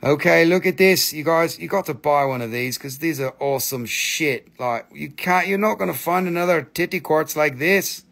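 A man hosting a live crystal sale, chatty and excitable, with crude jokes and non-native phrasing. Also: on the high side, moderate pace, gravelly, few pauses. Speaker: live-stream crystal seller. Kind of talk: casual live sales chat.

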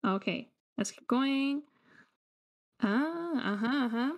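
Over background music, a woman with a Cantonese accent hosts a live online quiz lesson, mixing English and Cantonese while teasing and joking with the players. Her voice sits high and animated, and she speaks at a slow pace.

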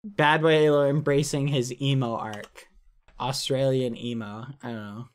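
Slow, jokey male streamer. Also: medium pitch, level tone. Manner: rambling, jokey. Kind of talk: casual live-stream chat.

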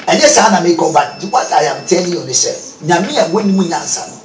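A man's voice: fairly high pitch, animated, brisk, few pauses, reverberant, distant mic, slight background noise. A Ghanaian man, a prophet being interviewed, preaching and quoting scripture with rising emphasis.

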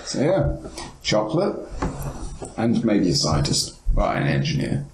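A man's voice: lowish voice, wildly swooping pitch, measured pace, reverberant, noisy background. A man on a podcast panel, chatting casually, often repeating words as he starts a thought and swearing now and then. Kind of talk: casual chat.

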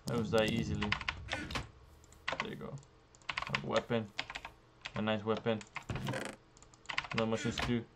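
A young man giving profane, frustrated commentary while playing a survival game, jumping between loud outbursts and low muttering. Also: completely flat delivery, a little slow, pauses often, very noisy. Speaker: gaming YouTuber. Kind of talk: profane live gameplay commentary.

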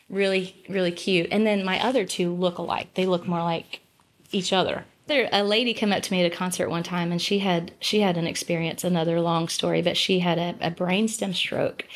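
A woman talks as a guest in an easygoing chat, telling a personal story with earnest warmth in her telling. She stumbles into restarts and self-corrections as her thoughts run ahead, and brightens her pitch whenever she plays out someone else's lines. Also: steady tone, normal speed. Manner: acts out quoted voices with lifted pitch. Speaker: guest, gospel singer. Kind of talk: casual storytelling in conversation.

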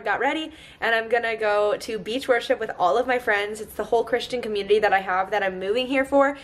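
A young woman chatting in a casual vlog, bubbly and giggly, talking to a handheld camera. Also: fairly high pitch. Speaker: vlogger. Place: car and outdoors by the beach.

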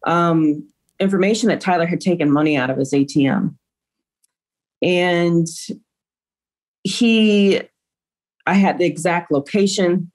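Middle-aged woman recounting, low-pitched. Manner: emotional retelling, acts out quoted dialogue. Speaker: mother of the deceased, interviewee. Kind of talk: recounting events in an interview.

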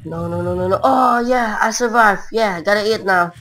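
A woman's voice: mid-range voice, moderate pace, fairly bright tone, slight background noise, poor audio. A woman giving casual, rambling gameplay commentary in broken non-native English, with frequent filler words. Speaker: gamer.

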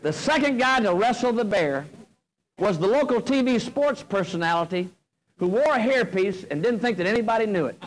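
High-voiced folksy man telling a story. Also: moderate pace, rough recording. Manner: folksy, animated storyteller with comic timing. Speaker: motivational speaker. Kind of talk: humorous storytelling speech. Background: audience laughter.

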